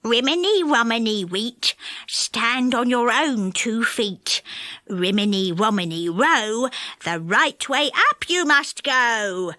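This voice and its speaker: A woman doing a slow, kindly storybook witch. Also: fairly high pitch, expressive, bright, forceful tone, no room sound, heavily acted. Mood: chanting. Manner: slow, drawn-out spell chanting. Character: kindly witch woman who knits smoke. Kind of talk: storybook reading. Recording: dry close studio sound.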